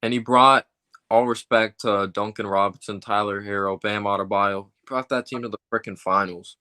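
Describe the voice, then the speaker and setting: Casual low-voiced male sports fan host. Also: fairly even intonation, normal speed, pushed and bright, clean tone. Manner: casual, filler-heavy, fan talk.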